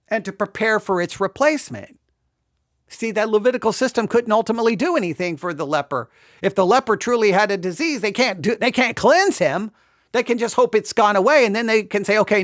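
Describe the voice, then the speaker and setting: A Bible teacher giving an exegetical study, talking in an animated way, acting out quoted lines and often restarting sentences. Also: mid-range voice. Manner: animated, acts out quoted speech, frequent restarts.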